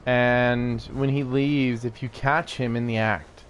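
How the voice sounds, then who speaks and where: A man's voice: medium pitch, fairly even intonation, slow, a little hiss or hum. A man giving rambling, casual commentary while playing a video game, laughing often and swearing now and then. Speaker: gaming YouTuber.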